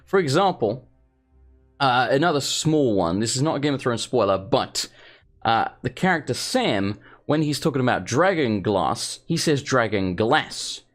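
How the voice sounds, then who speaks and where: Rambling, animated English gaming host. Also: male voice, mid-range voice, normal speed. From England. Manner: rambling, swearing, animated asides. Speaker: let's play host. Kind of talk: casual gaming commentary.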